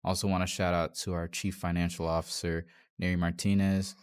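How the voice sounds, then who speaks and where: A man's voice: sits low, little pitch movement, brisk, smooth. A man in a casual conversation who speaks earnestly and often agrees with the other speaker. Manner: affirming, often says "right", earnest.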